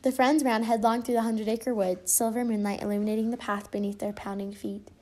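A woman reading a children's storybook aloud with expressive delivery. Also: fairly high pitch, brisk. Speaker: storybook reader.

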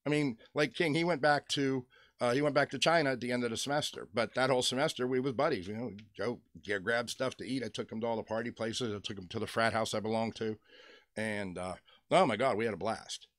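A man's voice: medium pitch, quick pace, a bit bright, no room sound, clean studio sound. A middle-aged man from western Pennsylvania rambling through a joking story at home, chuckling as he talks. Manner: chatty, joking, chuckles between stories. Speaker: toy customizer vlogger. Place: at home with his dog nearby.

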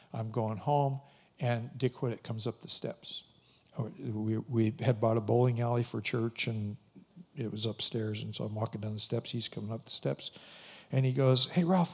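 An older man, a pastor, telling a personal story in a conversational, lively way at a conference talk. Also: medium pitch, normal speed, husky.

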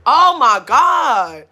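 A woman's voice: high voice, pushed and bright. A woman hosting a mukbang livestream, ranting casually with blunt, profane talk and frequent laughs while hungover.

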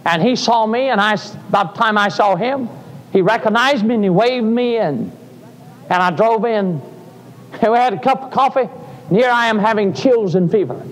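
High-voiced older preacher. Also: male voice, normal speed. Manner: folksy storytelling, rising to fervent cries. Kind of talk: sermon. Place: church sanctuary. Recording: live sermon in a reverberant church.

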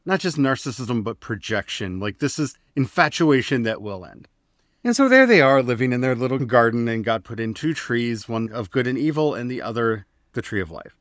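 A man's voice: medium pitch, animated, normal speed, a bit bright, no room sound. A man co-hosting a podcast about faith, with a mid-range voice recorded close and dry. He retells old stories in a wry, glib way, talking casually and with a sense of humor. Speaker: podcast co-host. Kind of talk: casual religious discussion podcast.

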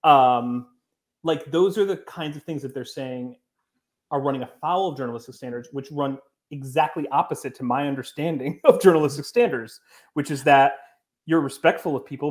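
A man answers interview questions as a guest journalist in an earnest, defensive way. He leans heavily on fillers as he explains himself, at an ordinary pitch. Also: normal speed.

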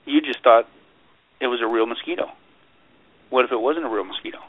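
A man talking as a guest in a radio interview. He speaks in an animated way, repeats himself often, and mocks other views in sarcastic put-on quotes. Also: medium pitch, brisk, breathy edge, no room sound. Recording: tinny phone line, dry.

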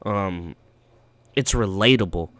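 A man hosting a reaction video, talking in an earnest, heartfelt way with pauses and ums. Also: on the low side, a bit bright, no room sound. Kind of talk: casual reaction commentary.

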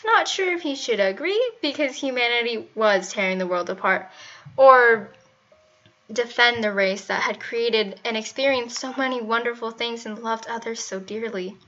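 A woman reading fan fiction aloud in a steady storytelling manner. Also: fairly high pitch, normal speed. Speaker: fanfiction reader. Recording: muffled, faint music behind.

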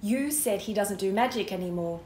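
A woman reading the part of a cheeky young boy who teases and gets excited easily. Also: mid-range voice, moderate pace, reverberant, a little hiss or hum, lightly acted. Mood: eager.

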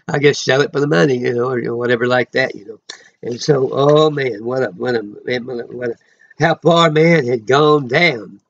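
A man giving an informal, rambling sermon he records himself, full of emotional asides and sudden loud exclamations. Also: a little high, lo-fi sound. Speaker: preacher.

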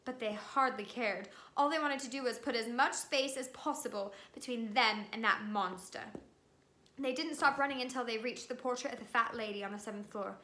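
A woman reading a novel aloud to students with lively, expressive storytelling. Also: a little high, normal speed, slight background noise. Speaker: reader.

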